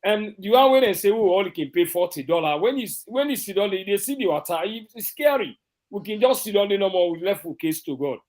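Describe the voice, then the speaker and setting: A man's voice: sits high, lively intonation, brisk, darkish tone. A man with a Sierra Leonean Krio accent, speaking as a party commentator on an online political talk show, emphatic and repeating his phrases. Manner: emphatic, repetitive, restarts phrases.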